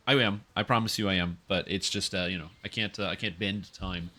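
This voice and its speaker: A man's voice: on the low side, fairly even intonation, fast, hardly any pauses, sharp tone. A man streaming a video game, chatting casually and rambling through corrections as he plays. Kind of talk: casual gaming stream chat.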